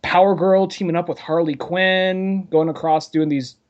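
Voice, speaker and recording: A man's voice: high-pitched, steady tone, moderate pace, highs cut off. A man co-hosting a casual podcast who rambles, restarts his sentences and loses his train of thought. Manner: rambling, with many fillers and trailing thoughts. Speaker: podcast co-host. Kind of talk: casual chat.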